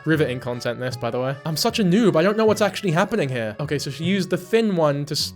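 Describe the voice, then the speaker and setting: A man's voice: on the high side, expressive, fast talker, few pauses, soft background music. A man ranting through reaction commentary, sweary and exasperated. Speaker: commentary YouTuber.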